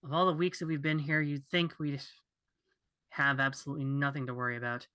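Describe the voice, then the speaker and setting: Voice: medium pitch, little pitch movement, a little fast, bright, forceful tone, dry recording, studio quality, close to an everyday voice. A game master voicing a flustered noblewoman who snaps orders at her servants. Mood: irritated.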